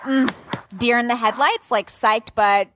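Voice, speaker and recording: A woman telling a story in a casual, animated way, swearing freely and swinging her pitch up and down. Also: measured pace, noisy background. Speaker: podcast guest.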